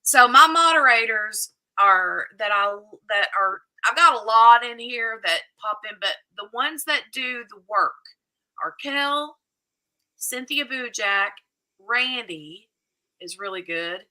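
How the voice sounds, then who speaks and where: Bright-voiced woman hosting a livestream. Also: fairly high pitch, animated, takes it slowly, poor audio. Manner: chatty, thanks viewers and moderators by name. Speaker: livestream host. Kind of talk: casual livestream chat.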